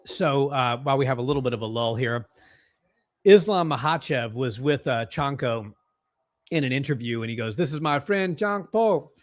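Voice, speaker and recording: A young man co-hosting a live fight watch-along from home, calling strikes excitedly and reading out chat comments. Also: medium pitch, normal speed, no room sound. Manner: excitable, gasping at big strikes.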